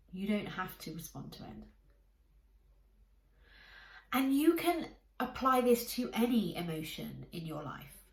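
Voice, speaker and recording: Calm woman coaching, echoey room. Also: a little high. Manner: calm, encouraging, speaks directly to listener. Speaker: life coach. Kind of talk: coaching talk to camera.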